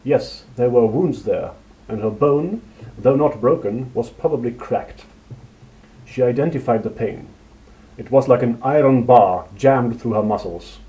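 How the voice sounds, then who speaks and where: A man narrating a fantasy story in a steady, measured reading. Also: medium pitch, low-quality recording.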